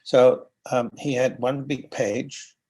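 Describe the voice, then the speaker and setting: Older aussie guy with a husky voice telling stories in an interview, acts out the other people's voices. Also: mid-range voice, slow. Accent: Australian. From Australia. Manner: animated storyteller who acts out quoted voices. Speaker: guest actor. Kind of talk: anecdotal interview storytelling.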